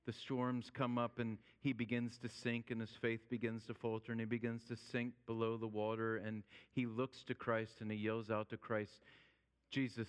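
A male pastor preaching a sermon, swinging from loud urgency down to a hushed near-whisper. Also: medium pitch, clear, resonant tone. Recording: long hall reverb.

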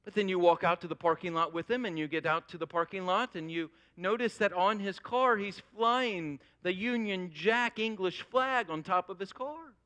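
A man delivers a sermon, his voice pitched high and ringing clean and smooth. He tells his story in an animated way, leaning hard into the key phrases. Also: normal speed, few pauses. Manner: animated storytelling with rising emphasis. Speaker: pastor.

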